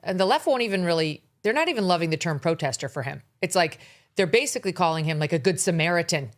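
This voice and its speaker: A woman's voice: lowish voice, lively intonation, fast. A middle-aged woman hosting her own talk show, delivering blunt, sarcastic political commentary. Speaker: host. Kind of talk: opinionated talk show monologue.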